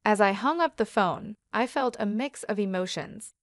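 Steady woman narrating a story. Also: medium pitch, moderate pace, no echo, studio quality. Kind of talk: scripted first-person story narration.

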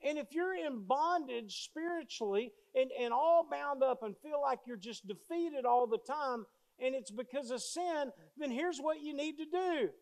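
A man's voice: extremely high pitch, measured pace. A male pastor preaching a sermon with emphasis, repeating key phrases as he tells stories.

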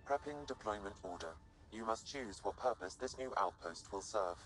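A formal game AI assistant. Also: male voice, on the low side, lively intonation, moderate pace, fairly bright tone, soft background music, poor audio. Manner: formal and matter-of-fact. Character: calm male AI ship assistant.

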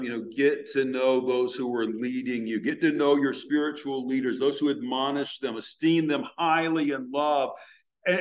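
Earnest pastor preaching a sermon. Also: male voice. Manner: preaching earnestly, slowing to stress scripture words; prays in a hushed, low voice.

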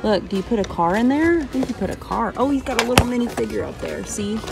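A mother hosting a casual shopping vlog who gushes excitedly and coaxes her small child with questions inside a large store. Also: a little high, fast talker, vocal fry, loud music behind the voice. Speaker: mother and channel host.

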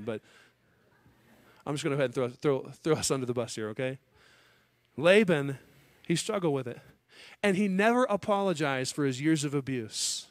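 A male pastor preaching a sermon, swinging between loud emphatic peaks and quiet, low asides. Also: dry recording, clean studio sound.

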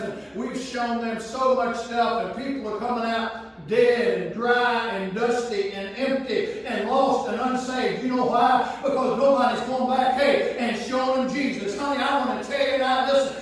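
A man preaching a fervent revival sermon that repeats its phrases and builds to shouts. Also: very high voice, a little hiss or hum. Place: church. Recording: very echoey, far from the mic.

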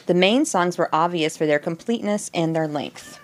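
A woman's voice: lowish voice, moderate pace. A woman co-hosting a casual podcast who reads passages aloud and chats, giggly and swearing freely. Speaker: podcast co-host.

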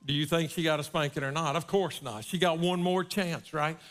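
A man's voice: a little high, fairly even intonation, brisk, fairly bright tone. A middle-aged man, a guest preacher, delivering a sermon in a folksy storytelling manner, often checking in with "right?". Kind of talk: sermon with personal stories. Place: church service.

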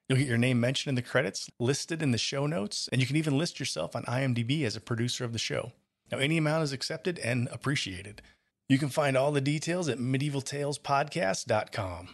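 A man's voice: mid-range voice, vocal fry. A man hosting a podcast, reading a plain, friendly sign-off at the end of an episode. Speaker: podcast host. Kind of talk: scripted outro.

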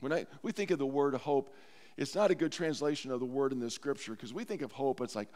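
A man preaching a sermon as pastor, earnest and slowing down to stress scripture lines. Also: a little high, expressive, darkish tone, long reverb tail. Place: church sanctuary.

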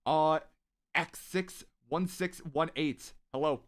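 A man hosting a casual live stream, talking at length and giving shout-outs to viewers from his home. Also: a little high, slow pace. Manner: rambling and talkative, shouting out viewers. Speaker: live-stream gaming host.

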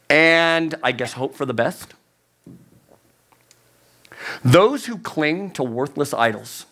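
Slow, emphatic youth pastor, man. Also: high-pitched, pushed and bright. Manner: emphatic, repeats key phrases, voice climbs on emphasis. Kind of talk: sermon.

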